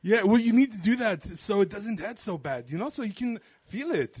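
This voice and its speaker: A man's voice: fairly high pitch, sing-song, measured pace, breathy edge, no echo, voice pushed down, full character voice. A man doing a comedic impression of an aging bodybuilder action star, rambling and boastful with lots of "you know".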